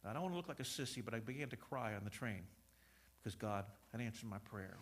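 A man preaching a sermon, telling a personal story with humorous asides and repeating words, moving between loud preaching and soft confiding. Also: fairly low pitch, animated, fast.

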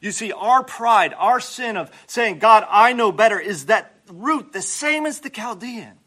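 A male pastor preaching a sermon in an animated way, acting out prayers and dropping humorous asides. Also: high voice, a little slow, husky.

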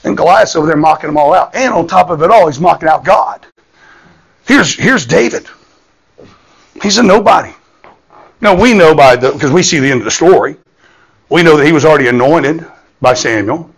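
A man's voice: a little high, expressive, moderate pace, pauses often, slightly rough, low-quality recording. A man, preaching a sermon in a folksy storytelling manner, often repeating words and checking in with "okay?". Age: 50s.

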